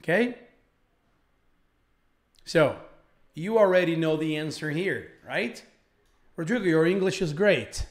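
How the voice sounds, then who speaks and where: A man from Brazil teaching a live online English lesson, speaking slowly and repeating phrases for learners. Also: on the high side, animated.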